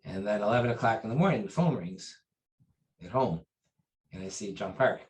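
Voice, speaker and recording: Martial arts instructor, male, low voice, chatty interview storyteller who restarts his sentences. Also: animated, normal speed, a little mellow, low-quality recording. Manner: rambling, with many fillers and restarts; acts out quoted dialogue with raised pitch and volume.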